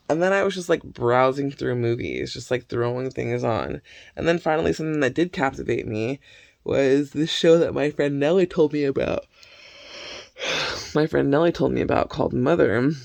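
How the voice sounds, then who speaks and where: A man retells movie plots in a casual vlog rant, swearing at every turn and wandering off mid-sentence. His voice is thick with gravelly fry at a middling pitch. The sound is close and dry, with no room around it. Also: dry recording. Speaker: vlogger reviewing movies.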